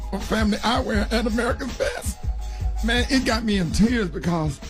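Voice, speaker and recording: A man's voice: sits high, expressive, normal speed, faint music behind. A man hosting morning radio, reading an ad in a joking, mock-emotional way. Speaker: radio host. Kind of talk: comic ad read on morning radio.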